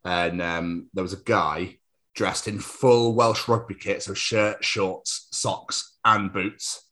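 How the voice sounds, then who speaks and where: A man's voice: sits low, fairly even intonation, slow pace, sharp tone. A man co-hosting a podcast in casual chat, rambling through funny stories and laughing often. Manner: rambling storyteller, laughs often, does silly voices. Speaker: podcast co-host.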